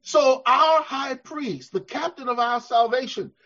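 A male preacher with a high-pitched voice delivers a sermon, rising to fervent shouts and sinking to soft, slow passages. The sound is dull and lo-fi. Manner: preaching with call-and-response, swelling to shouts then dropping soft. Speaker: pastor.

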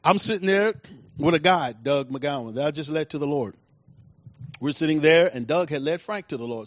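Animated high-voiced preacher, dull dry sound. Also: male voice, dry recording. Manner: animated preaching, acting out the voices of people in his stories; colloquial, folksy phrasing. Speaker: pastor. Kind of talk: sermon.

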